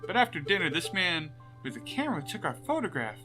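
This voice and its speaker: A man's voice: on the high side, sing-song, fast, pitched above the performer's own voice, low-quality recording. A man voicing a naive young female cat noblewoman in a game, speaking sweetly. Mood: chatty. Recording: game music underneath.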